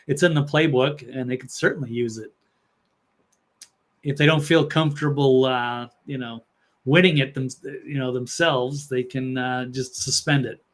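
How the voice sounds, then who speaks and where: A man's voice: medium pitch, fairly even intonation, moderate pace. A male guest in casual political chat on a talk show, speaking in a hesitant, matter-of-fact way with many fillers.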